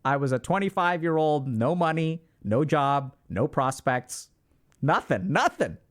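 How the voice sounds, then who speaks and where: A man in his thirties giving life advice to his chat in casual livestream talk, emphatic and animated, swearing now and then. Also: fairly high pitch, a little slow.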